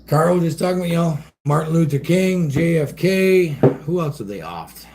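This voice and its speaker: A man's voice: on the high side, animated, moderate pace, very noisy. A man hosting a casual livestream, ranting in a profane, folksy way and reacting to chat from an outdoor shed with the door open. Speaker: livestream host reading chat.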